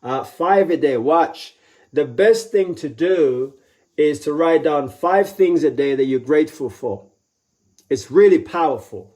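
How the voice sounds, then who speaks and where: A man giving a live motivational talk, emphatic and repeating key phrases, acting out quoted voices with sudden jumps in pitch. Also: expressive, unhurried, darkish tone. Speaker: motivational speaker.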